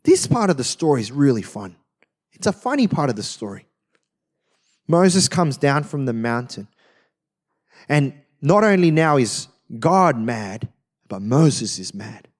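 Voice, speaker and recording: A man preaching a sermon, reading scripture aloud and retelling it in an expressive, conversational way. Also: mid-range voice, unhurried, pauses often. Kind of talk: sermon, Bible teaching.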